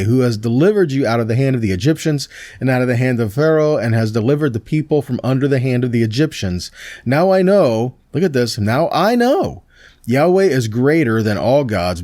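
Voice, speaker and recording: Reading scripture aloud, this pastor then talks through it informally, stumbling and restarting with fillers and pausing to ask "see that?" or "right?". It's a Messianic Torah teaching delivered in a mid-pitched man's voice, recorded close and dry without echo.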